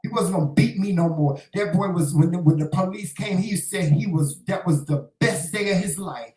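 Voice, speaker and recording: A man's voice: high voice, moderate pace, hardly any pauses, darkish tone. Sassy, profane man in an echoey room. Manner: sassy, profane, preachy, calls listeners "child" and "honey". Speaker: livestream talk show host. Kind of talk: casual monologue to a live chat.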